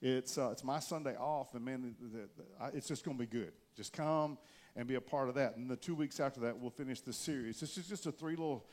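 A man pastor preaching a casual sermon in church, joking with his congregation and punching words with loud emphasis. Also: on the high side.

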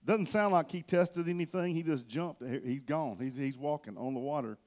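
A male pastor preaching a sermon from a church stage, telling the story with animation and swinging between loud and soft. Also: on the high side, normal speed.

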